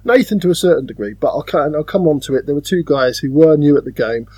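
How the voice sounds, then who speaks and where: Brief: British male podcast co-host, lively pitch, dry close sound, chatty storyteller. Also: fast, husky, dry recording. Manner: chatty, animated storytelling with playful put-on voices. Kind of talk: casual chat about board games.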